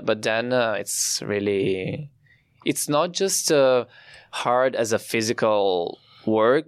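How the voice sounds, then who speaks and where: A young Italian man with an Italian accent, explaining his family's winemaking with pride and frequent pauses. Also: fairly low pitch, smooth, no room sound, studio quality. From Italy. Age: young adult. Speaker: winemaker guest. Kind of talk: podcast interview.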